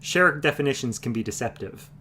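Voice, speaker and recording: A man's voice: mid-range voice, lively intonation, a little fast, sharp tone, a little hiss or hum. A man voicing a wry, sly travelling companion in a fantasy book reading.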